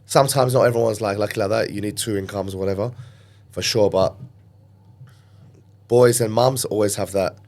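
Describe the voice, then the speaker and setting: A man with a London accent, a podcast guest, telling stories from his youth in a casual, animated way and acting out the voices of people he quotes. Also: fairly low pitch, normal speed, long pauses. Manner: animated storyteller who acts out quoted voices. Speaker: podcast guest, gym owner. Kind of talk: casual storytelling interview.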